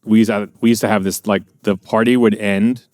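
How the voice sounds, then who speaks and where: A man's voice: fairly low pitch, level tone, fairly quick, darkish tone, no room sound, studio quality. A middle-aged American man telling profane, rambling anecdotes in a casual podcast chat. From USA. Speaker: podcast guest. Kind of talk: casual storytelling.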